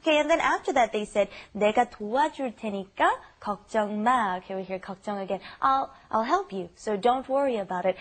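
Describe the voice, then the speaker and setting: A woman's voice: mid-range voice, racing, hardly any pauses, a bit bright. A woman hosting a casual language lesson, upbeat and teasing as she explains phrases. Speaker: host.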